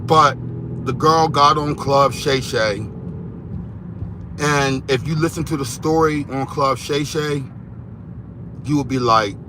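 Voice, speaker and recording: A man giving rambling, animated gossip commentary on reality TV, repeating himself as he goes. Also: on the high side, slow, long pauses, noisy background.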